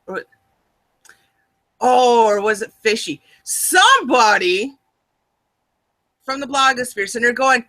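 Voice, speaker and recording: A woman with a Midwestern American accent co-hosting a casual chat, animated and laughing often. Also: on the high side, slow pace, long pauses. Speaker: co-host.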